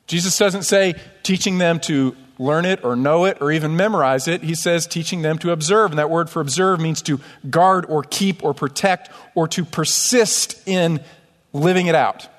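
A man's voice: on the high side, moderate pace. A man from upstate New York preaching a sermon as pastor, conversational and self-deprecating, in a church sanctuary. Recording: long church hall reverb.

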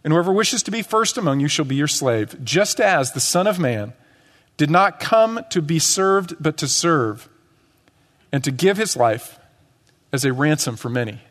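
Pastor, man, fairly high voice, conversational sermon with acted-out bits, church hall reverb. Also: lively intonation, moderate pace, fairly bright tone. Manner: conversational preaching with acted-out quotes. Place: church sanctuary.

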